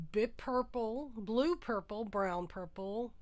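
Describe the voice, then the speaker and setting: Slow, unhurried woman streaming from home. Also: fairly high pitch, lively intonation. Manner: unhurried, musing aloud while browsing. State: congested, tired from a sinus infection. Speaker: musician livestream host. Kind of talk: casual livestream chat.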